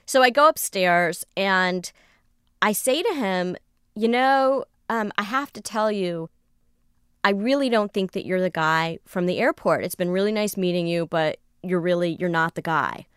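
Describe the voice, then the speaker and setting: A woman's voice: lowish voice, measured pace, smooth, dry recording, clean studio sound. A woman recounting a personal story in conversation, acting out the lines of the people in it. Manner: animated, re-enacts dialogue. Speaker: storyteller guest.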